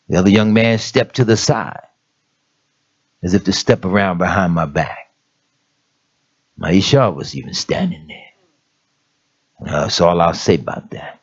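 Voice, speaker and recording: A man's voice: low voice, lively intonation, measured pace, long pauses, husky. Emphatic middle-aged preacher man. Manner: emphatic, street-plain preaching with repeated "come on, man". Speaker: elder of an assembly. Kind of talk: conversational sermon. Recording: dull lo-fi sermon recording.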